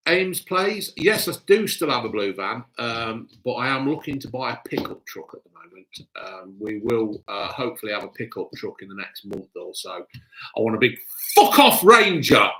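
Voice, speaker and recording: A man's voice: medium pitch, animated, normal speed, hardly any pauses, a bit bright. A man hosting a live stream, swearing a lot and ranting bluntly in casual chat. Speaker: livestream host.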